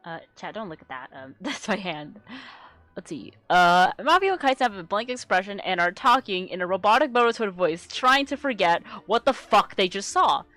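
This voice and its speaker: A woman's voice: mid-range voice, lively intonation, normal speed, a bit bright. A woman streamer reading her own webcomic aloud, giggly and rambling, swearing casually. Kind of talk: casual live-stream commentary.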